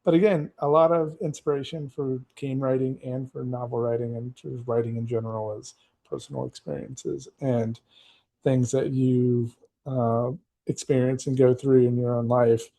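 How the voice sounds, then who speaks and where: A man's voice: mid-range voice, moderate pace, vocal fry. A man from Texas hosting a podcast, chatting casually and acting out the voices in his stories. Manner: animated storyteller who acts out quoted voices. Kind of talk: casual chat.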